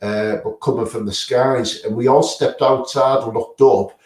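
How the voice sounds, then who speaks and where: Halting man, roomy distant sound. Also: medium pitch, steady tone. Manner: halting, many fillers and restarts. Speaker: guest paranormal investigator. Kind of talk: casual interview answers. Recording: roomy sound, away from the mic.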